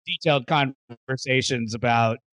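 A man's voice: medium pitch, moderate pace, fairly bright tone, no room sound. A man hosting a casual podcast, teasing his co-hosts with dry jokes and mock critiques. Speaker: podcast host.

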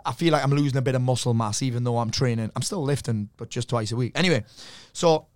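With a mid-range voice and a fast way of talking, a mindset coach in his 40s chats on a podcast, recorded in studio quality without room sound. He swears freely and animates his stories by acting out what people said.

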